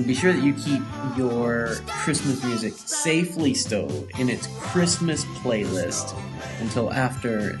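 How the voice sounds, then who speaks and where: A man hosting his own podcast, chatting casually and rambling, with frequent ums and trailing asides. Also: medium pitch. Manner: rambling, hesitant, many ums. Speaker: podcast host. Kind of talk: casual solo chat.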